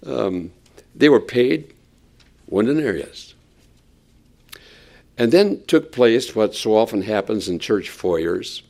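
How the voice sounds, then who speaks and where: A male preacher delivering a sermon, telling the story with animated flair. His voice is gravelly, and his pitch moves a lot between phrases. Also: takes it slowly, pauses often. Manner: animated storytelling, acts out quotes.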